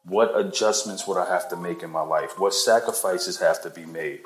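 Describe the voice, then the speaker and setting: A man with a lowish voice hosts a podcast in a loose, casual monologue, calling his listeners "guys" and filling pauses with "you know". His delivery is conversational and encouraging. Soft music plays faintly behind him. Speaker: podcast host.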